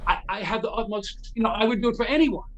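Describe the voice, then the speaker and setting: Animated man acting out his stories. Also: sits high, fast talker, low-quality recording. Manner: animated, acts out quoted dialogue; restarts and repeats words often. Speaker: guest storyteller. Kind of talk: casual anecdote telling.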